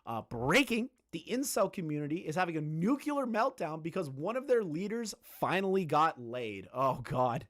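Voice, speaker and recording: A male streamer talks to his chat in a crude, mocking, excitable way. His pitch swings widely from low mutters to high bursts, and he swears freely. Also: normal speed, few pauses. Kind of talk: live-stream commentary.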